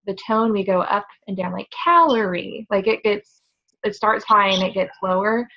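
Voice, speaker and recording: A woman's voice: mid-range voice, flat delivery, moderate pace, dull audio. A woman from the United States, a student sharing a casual, chatty comment in a class discussion with many "like" fillers. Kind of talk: class discussion over video call. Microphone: video call.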